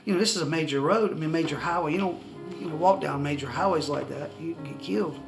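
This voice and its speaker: A man telling a personal testimony story to the camera, excitable and rambling with many restarts. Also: a little high, quick pace, creaky, over music, rough recording. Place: indoors, seated facing the camera.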